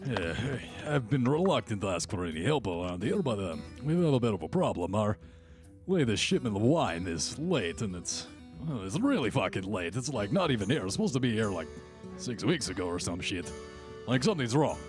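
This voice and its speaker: Man playing a tavern keeper, Scottish brogue, chatty, swears a lot, lively up-and-down voice. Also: lowish voice, fairly quick, music in the background. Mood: rambling. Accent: put-on Scottish. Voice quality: thick brogue slipping around, swearing, rambling. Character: rambling, profane middle-aged male tavern keeper.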